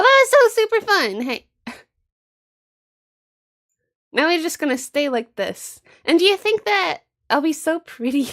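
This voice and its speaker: A woman chatting casually on a late-night game stream, playful and given to giggling and self-mockery. Her voice sits a little high, and she talks at a slow, unhurried pace. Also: a bit bright. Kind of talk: casual livestream chat.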